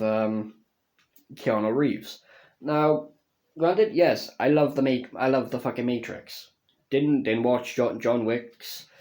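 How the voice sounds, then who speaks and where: Slow, swearing, rambling young man. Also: medium pitch, a little mellow. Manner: swears constantly, halting with many restarts; slow, emotional and earnest. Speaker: video game reviewer. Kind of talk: casual rambling review.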